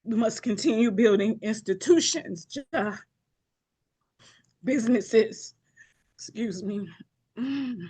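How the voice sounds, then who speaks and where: A woman's voice: fairly high pitch, slow, long pauses, dark tone, slightly rough. A woman giving an emotional keynote speech on a video call, building rhythmic lists and often apologizing. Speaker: keynote speaker. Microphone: video call mic.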